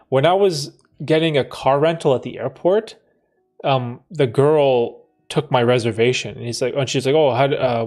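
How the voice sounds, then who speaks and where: A man in his thirties hosting a live stream, reading out chat comments and answering them in a relaxed, chatty way, laughing often and restarting his sentences. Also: medium pitch. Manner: laid-back, laughs often, trails off and restarts. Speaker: livestream host answering chat.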